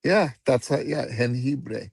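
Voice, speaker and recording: A man on a video call, relaxed, patiently explaining pronunciation. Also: medium pitch, slow pace, creaky, husky, no echo, clean studio sound. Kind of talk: casual video-call chat.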